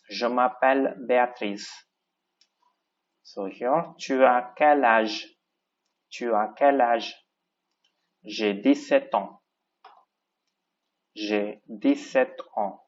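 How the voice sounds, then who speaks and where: A man's voice: medium pitch, slow pace, pauses often. A man teaching a French lesson in English, explaining step by step and repeating each phrase with plenty of "okay" and "so". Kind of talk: recorded classroom lesson. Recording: dull lo-fi recording.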